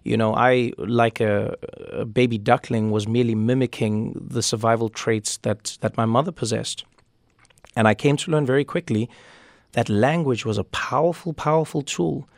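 A man from Africa, talking as an interview guest and telling stories in animated, quick bursts. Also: medium pitch, creaky, no echo, studio quality. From South Africa. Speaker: guest author. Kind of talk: conversational interview.

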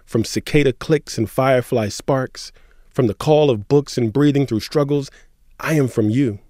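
A man co-hosting a radio show who chats and reads community poetry in an earnest, measured way. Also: medium pitch, mellow, no room sound, clean studio sound. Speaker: radio co-host. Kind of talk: radio chat and poetry reading.

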